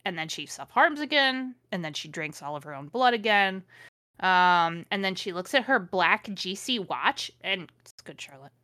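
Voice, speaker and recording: A woman's voice: mid-range voice, lively intonation, moderate pace, pushed and bright, dry recording, studio quality. A woman reading fan fiction aloud for laughs, breaking off with sarcastic, exasperated asides. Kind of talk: comedic read-along with commentary.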